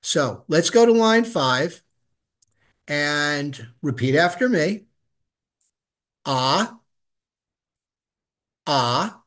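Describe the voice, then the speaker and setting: A middle-aged man leads a beginners' Hebrew reading class and patiently models each sound for the students to repeat. His voice sits a little high, and he talks slowly and without hurry. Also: expressive, a bit bright. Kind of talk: live class instruction.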